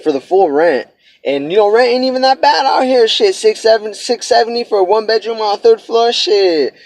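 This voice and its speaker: A young man in his early twenties speaks in a high, dry voice with no room sound around it. He talks in blunt, profane street slang, pushing hard with heartfelt motivation as he vlogs to his viewers. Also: no echo. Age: 20s. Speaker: vlogger. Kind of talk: motivational vlog talk.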